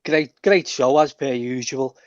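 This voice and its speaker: A man's voice: medium pitch, measured pace, no echo. A male caller with a mid-range voice on a fan phone-in, earnest and emphatic. The line is muffled and dull. The sound is dry. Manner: earnest, emphatic, listing points. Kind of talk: phone-in comment.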